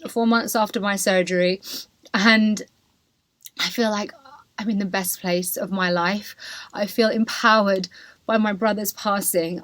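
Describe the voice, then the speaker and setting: A woman's voice: mid-range voice, dry recording. A woman, hosting a podcast and telling her own story candidly and emotionally, full of "like" and "you know". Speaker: podcast host. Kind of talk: personal storytelling.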